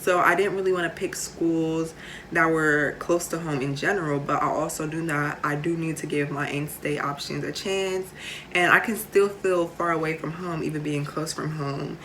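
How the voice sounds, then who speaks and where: Teen girl vlogging, lowish voice, says like a lot, playful little asides. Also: fairly even intonation, normal speed, fairly bright tone, a little hiss or hum. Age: late teens. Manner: chatty, many fillers, playful asides. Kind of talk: casual chat to camera.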